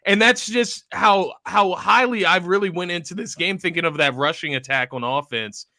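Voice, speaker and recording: A man's voice: high-pitched, moderate pace, pushed and bright, dry recording, clean studio sound. A young man co-hosting a casual sports talk show, laid-back and agreeable, often laughing. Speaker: podcast co-host.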